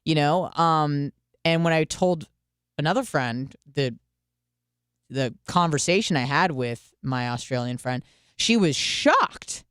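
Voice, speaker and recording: A woman's voice: low voice, expressive, takes it slowly, fairly bright tone, smooth, no echo, studio quality. Candid, chatty woman radio host. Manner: candid, chatty, with profanity and acted-out quotes. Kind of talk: casual monologue.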